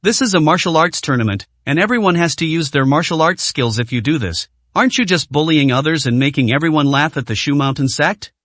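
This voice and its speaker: A man's voice: fairly high pitch, lively intonation, a little fast, few pauses, a bit bright, no echo. A man voicing a proud, angry young male swordsman in a read-aloud story, speaking in an accusing tone. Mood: indignant. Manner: indignant and accusing.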